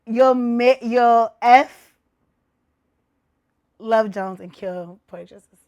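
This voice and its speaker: A woman hosting her own podcast in casual chat, animated and a little tipsy, with loud exclamations and slang. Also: on the high side, slow pace. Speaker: podcast host.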